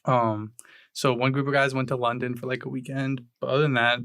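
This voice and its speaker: A young man co-hosting a podcast, talking in casual chat, halting and restarting phrases, with the odd swear word. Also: mid-range voice, little pitch movement, a bit bright, smooth, dry recording, studio quality. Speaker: podcast co-host.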